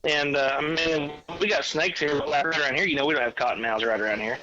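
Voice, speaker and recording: A man, a podcast guest calling in by phone, telling a hunting story in a rambling, animated way. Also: fairly high pitch, fairly quick, crowd noise. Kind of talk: casual chat. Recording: dull lo-fi phone line.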